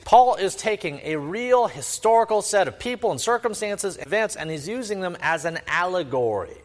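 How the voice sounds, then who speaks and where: A man preaching an expository sermon, emphatic and repetitive, with frequent rhetorical questions. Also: on the high side. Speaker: pastor. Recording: long reverb of a large hall.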